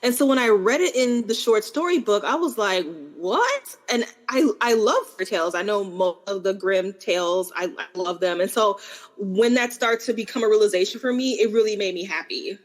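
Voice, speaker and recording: A young woman co-hosts a book podcast in a relaxed, chatty way. She talks at a middle pitch and often laughs at her own stories. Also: fairly quick. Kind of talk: casual book chat.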